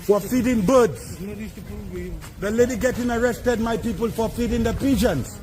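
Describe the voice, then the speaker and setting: A man in the street, exasperated and protesting loudly at police as the scene is filmed. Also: very high-pitched, moderate pace. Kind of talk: heated street argument. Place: outdoors on a street. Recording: crowd around him in the street.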